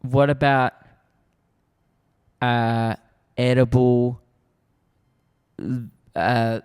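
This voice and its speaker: A man's voice: mid-range voice, little pitch movement, drawn-out words, a little mellow, smooth. A man co-hosting a podcast, chatting casually and rambling through stories. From Australia. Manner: rambling storyteller, laid-back. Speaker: podcast co-host, comedian. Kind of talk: casual chat.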